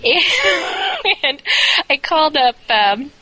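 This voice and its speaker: A woman's voice: high-pitched, slow, slight background noise, low-quality recording. A woman on a podcast telling a story in casual chat, laughing often and acting out her own outbursts. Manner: laughs often, animated retelling with quoted outbursts. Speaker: podcast co-host.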